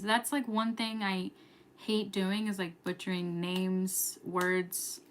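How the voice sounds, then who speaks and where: A woman's voice: mid-range voice, a little hiss or hum. A young woman from New York hosting a casual late-night livestream, chatty and giggly, sometimes dropping to a whisper. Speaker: livestream host. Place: home at night.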